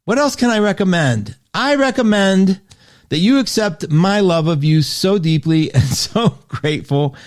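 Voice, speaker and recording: A male radio host talking to listeners in a chatty, animated way, often breaking off mid-sentence and reading listener comments aloud. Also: high-pitched, measured pace. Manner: chatty, animated, self-interrupting. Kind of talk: live radio show monologue.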